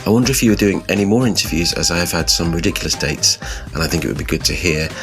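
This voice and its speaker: A man's voice: sits low, expressive, quick pace, music in the background. A man hosting a podcast, reading a closing segment and listener emails. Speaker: podcast host. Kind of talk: scripted podcast outro.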